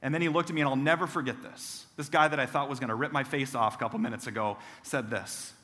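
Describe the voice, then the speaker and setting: A man's voice: medium pitch, quick pace, few pauses, in a large hall. A man preaching a sermon in a church sanctuary, telling stories and acting out the voices of the people in them. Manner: animated, acts out quoted voices with self-deprecating humor. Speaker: pastor. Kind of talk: sermon with personal storytelling.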